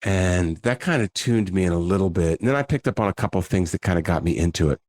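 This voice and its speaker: Lively, deep-voiced male storyteller. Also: quick pace, dry recording, studio quality. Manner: lively storyteller, slips into voices, self-deprecating. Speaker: comedian and impersonator guest. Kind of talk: animated storytelling in a podcast interview.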